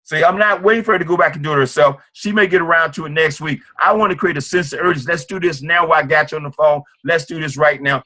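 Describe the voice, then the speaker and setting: Guy coaching a sales meeting, talks fast, tense bright voice, plays out the calls. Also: on the high side. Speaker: network marketing trainer. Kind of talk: informal sales training talk.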